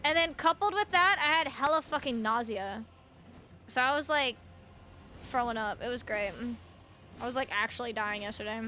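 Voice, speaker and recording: A young woman streaming a video game chats casually with viewers, greeting chat by name and swearing freely, sounding a little tired and short on sleep. Her voice is on the high side and sharp, at a moderate pace, with a bit of hiss or hum.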